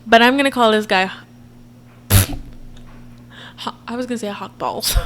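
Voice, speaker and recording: A woman's voice: fairly high pitch, a little slow, noisy background. Chatty young woman reacting on camera. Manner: chatty and expressive, frequent laughs and asides to viewers. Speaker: reaction vlogger. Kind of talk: casual reaction commentary.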